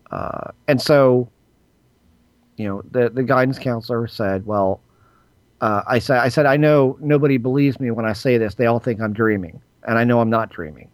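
A man, a podcast guest who is losing his voice, telling a personal story in a halting, rambling way. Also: medium pitch, no echo. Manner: rambling, halting with frequent ums and restarts. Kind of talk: casual storytelling interview.

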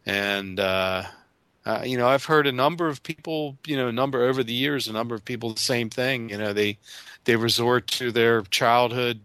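A man co-hosting a casual discussion, talking haltingly with many restarts and "you know"s. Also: medium pitch, pushed and bright, smooth, dry recording.

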